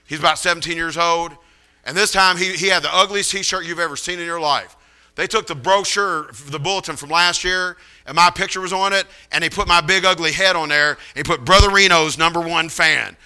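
Bright, animated male preacher. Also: fairly high pitch, fairly quick, clean tone. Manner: animated, folksy storytelling. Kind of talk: storytelling sermon.

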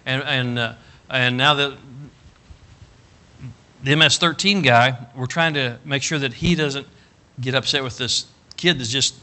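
A middle-aged man preaching a storytelling sermon, folksy and animated, rising to loud emphatic bursts. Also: mid-range voice. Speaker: pastor.

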